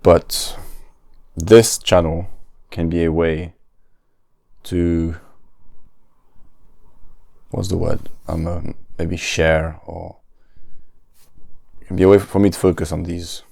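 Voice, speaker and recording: A man's voice: deep voice, flat delivery, slow pace, gravelly, pauses often, darkish tone, dry recording, studio quality. A man, hosting a casual solo podcast, often stopping to search for words and restarting his sentences. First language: French. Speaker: podcast host.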